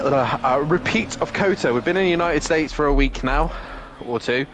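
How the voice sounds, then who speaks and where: A man's voice: fairly high pitch, normal speed, noisy background. A man co-commentating a sim racing broadcast in a casual, rambling way with many fillers.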